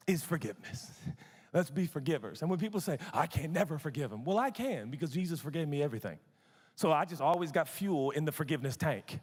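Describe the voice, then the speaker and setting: A man in his forties preaching a sermon as pastor, animated and joking in a conversational way. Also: a little high, breathy edge. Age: 40s. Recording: long hall reverb.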